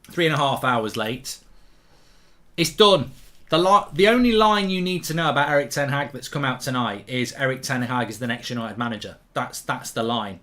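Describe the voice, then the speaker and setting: A man hosting a live football watchalong, reading viewer comments aloud and answering them with quick, opinionated asides. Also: medium pitch, a bit bright. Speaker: host.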